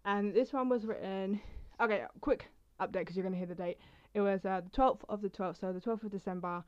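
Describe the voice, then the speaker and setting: A woman's voice: medium pitch, a little fast. A young woman vlogger talking casually about her poems and reading them, rambling and interrupting herself as she goes. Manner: rambling, chatty, self-interrupting. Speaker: poetry vlogger. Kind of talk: casual chat and poetry reading. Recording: slightly dull lo-fi sound.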